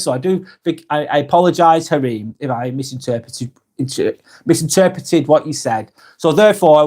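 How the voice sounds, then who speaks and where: Reading out viewer comments on his casual live vlog, a forties-aged Englishman with a Lancashire accent chats in a friendly manner. His voice is medium-pitched and darkish, and he frequently restarts or corrects what he's saying.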